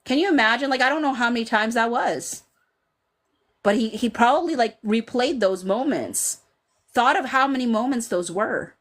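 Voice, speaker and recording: Woman in her 30s doing a chill live stream, animated, lots of "like", reads chat out loud. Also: on the high side, moderate pace. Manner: animated, chatty, lots of fillers, quotes scenes dramatically. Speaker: podcast host reading live chat.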